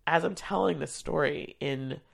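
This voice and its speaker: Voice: mid-range voice, normal speed, gravelly. An adult who works in theater education tells a personal story in a casual, chatty way, with lots of fillers, and acts out what people said. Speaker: theater education staff member.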